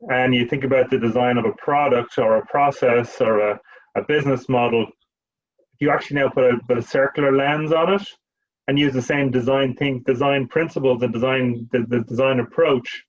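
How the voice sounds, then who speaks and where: Rambling man, muffled audio. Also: medium pitch. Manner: rambling, many "sort of" and repeated words. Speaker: trainer, panelist. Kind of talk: unscripted panel answer.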